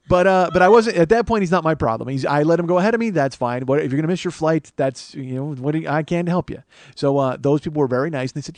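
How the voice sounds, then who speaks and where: A man's voice: fairly high pitch, very fast, no room sound. Profane man telling a rambling story. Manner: profane, rambling, sarcastic asides. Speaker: comedy podcast host. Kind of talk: casual storytelling monologue.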